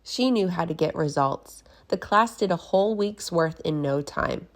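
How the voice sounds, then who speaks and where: A woman reading a children's picture book aloud as a guest reader, slow and expressive. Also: fairly low pitch.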